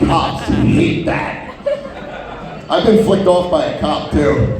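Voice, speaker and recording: A man performs a stand-up set, spinning profane anecdotes and jumping into voices for the people in them. His pitch sits a little high and moves around a lot. The sound is distant and washed in the reverb of a live venue. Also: animated, takes it slowly, crowd noise. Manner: profane storytelling with many acted-out quotes. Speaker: stand-up comedian. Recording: roomy venue sound from far off.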